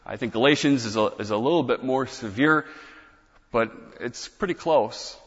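A man's voice: medium pitch, normal speed, fairly bright tone, breathy edge, big-room sound, dull audio. A man preaching a sermon as pastor, explaining scripture in a conversational teaching manner with casual asides.

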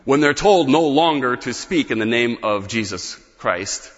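A man's voice: mid-range voice, animated, unhurried, big-room sound, muffled recording. A man preaching a sermon in an earnest, emphatic way, leaning hard on key words. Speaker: pastor.

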